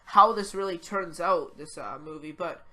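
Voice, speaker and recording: Chatty excitable teen girl podcaster. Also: lowish voice, normal speed. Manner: excitable, rambling, heavy use of "like". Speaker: podcast co-host. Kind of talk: casual chat.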